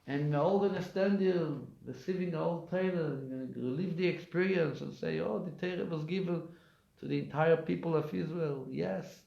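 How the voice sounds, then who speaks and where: Man rabbi lecturing, fairly high voice, echoey hall sound, dull lo-fi recording. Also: creaky, darkish tone. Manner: emphatic, storytelling, asks rhetorical questions. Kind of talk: weekly Torah class lecture. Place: live class in a community center.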